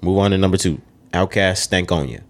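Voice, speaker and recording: A man's voice: low voice, fairly quick. A man co-hosting a podcast in casual chat, opinionated and swearing freely as he runs down a ranked list. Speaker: podcast co-host.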